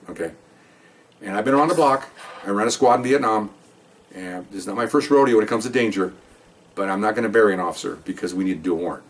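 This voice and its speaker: Older ex-cop storyteller, low voice, rapid delivery, acts out the dialogue, mic set back a bit. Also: male voice, far from the mic. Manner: animated storyteller who acts out dialogue and asks rhetorical questions. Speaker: retired police supervisor telling stories. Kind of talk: podcast storytelling.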